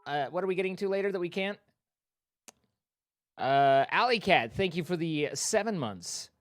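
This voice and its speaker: A man's voice: sits high, lively intonation, normal speed, dry recording, studio quality. A man streaming live, casually thanking viewers by name and making playful joking asides. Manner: reads out donor names, playful joking asides.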